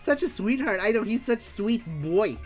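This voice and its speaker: A man's voice: high-pitched, moderate pace, soft background music. A man hosting a casual retro game livestream, reading viewer answers aloud with frequent laughter. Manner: animated, laughs often, reads aloud.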